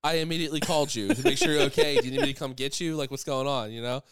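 A man co-hosting a podcast, telling profane stories in a casual chat and shouting out the voices of the people in them. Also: medium pitch, rapid-fire. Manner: profane, animated storyteller who shouts quoted voices. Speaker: podcast co-host.

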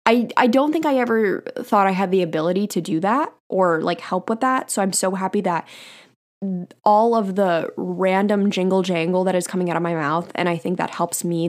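A woman's voice: fairly low pitch, normal speed. A young woman hosting her own podcast, chatting casually and bubbly as she reads out listener comments. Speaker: podcast host. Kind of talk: casual solo podcast chat.

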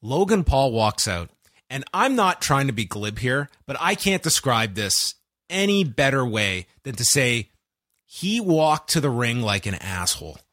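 Animated sarcastic man recapping wrestling. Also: medium pitch, unhurried, dry recording, studio quality. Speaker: wrestling podcast co-host. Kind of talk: casual chat.

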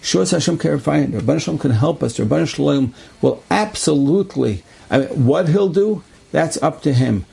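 A man's voice: fairly high pitch, expressive, normal speed, vocal fry, hardly any pauses, warm tone, breathy edge. A man earnestly telling an inspirational religious story, repeating key phrases for emphasis.

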